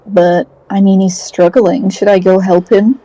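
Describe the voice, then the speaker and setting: A woman's voice: mid-range voice, level tone, measured pace, mellow, rough recording. A British woman taking part in a tabletop game, talking in a playful, giggly way. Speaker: player.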